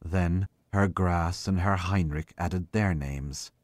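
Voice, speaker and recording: A man giving a slow, measured literary reading of a short story. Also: sits low, no room sound. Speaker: reader.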